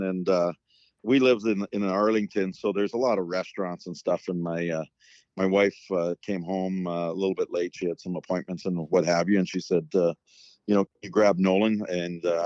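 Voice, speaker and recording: A man's voice: low-pitched, steady tone, moderate pace, a little mellow, no room sound, dull audio. A middle-aged man and former hockey coach, chatting casually and telling long stories with lots of fillers. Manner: rambling storyteller with many fillers. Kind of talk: casual chat.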